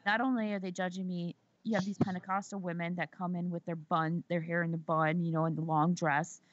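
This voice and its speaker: A woman's voice: fairly low pitch, flat delivery, brisk, dry recording. A woman from the Southern United States hosting a podcast in casual chat. She talks in a chatty, profane way and repeats words for emphasis. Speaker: podcast host. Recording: slightly dull audio.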